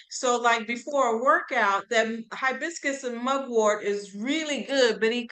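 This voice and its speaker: A woman chatting loosely on a talk show, laughing easily as she shares tips. Her voice is bright and forceful and sits a little high. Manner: relaxed, chatty, laughs often. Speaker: co-host of herbal talk show. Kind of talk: casual chat.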